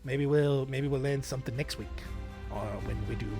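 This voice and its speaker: A man's voice: mid-range voice, steady tone, moderate pace, creaky, dark tone, soft background music. An American man hosting a podcast in a put-on Australian accent that drifts toward British, Scottish and Irish, talking casually with rambling, self-mocking asides. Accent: put-on Australian accent that wanders toward British, Scottish and Irish. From United States. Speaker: podcast host.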